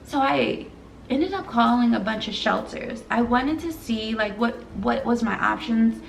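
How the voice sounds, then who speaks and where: A woman's voice: fairly high pitch, lively intonation, a little slow, creaky, echoey room, recorded from a distance, a little hiss or hum, low-quality recording. A young woman telling an emotional story to her viewers in a casual vlog, earnest and direct. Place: home room.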